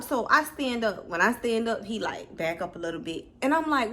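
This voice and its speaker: A woman's voice: fairly high pitch, expressive, brisk, hardly any pauses, a bit bright. A woman vlogger telling a personal story in a casual storytime video, blunt and candid.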